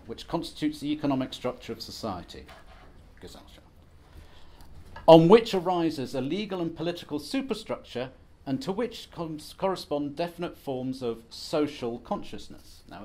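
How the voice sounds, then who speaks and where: This man lectures at a conference with dry, self-mocking humor and a chatty delivery. His darkish voice sits on the high side, with lively intonation, a fairly quick pace and few pauses.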